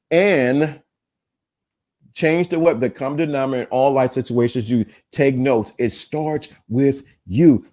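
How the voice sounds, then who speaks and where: A man's voice: fairly high pitch, a little mellow. A man hosting a live-streamed relationship podcast, talking to his chat in an emphatic, preachy way and often repeating himself. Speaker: podcast host. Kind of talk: live-streamed self-help talk.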